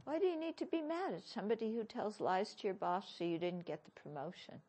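A woman teaching as a Buddhist teacher in a dharma talk, questioning her listeners with gentle humor. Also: mid-range voice, lively intonation, a little fast, slightly rough.

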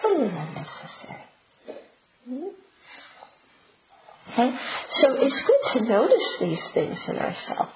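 A woman's voice: high-pitched, huge pitch swings, measured pace, pauses often. A woman giving a conversational Buddhist teaching talk, often checking in with her listeners. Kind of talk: dharma talk. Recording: roomy, dull and noisy.

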